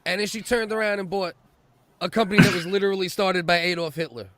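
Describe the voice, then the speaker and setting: Crude podcast co-host, bright high voice, dry close sound. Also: male voice, quick pace, no echo. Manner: profane, animated, mocking. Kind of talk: crude comedic banter.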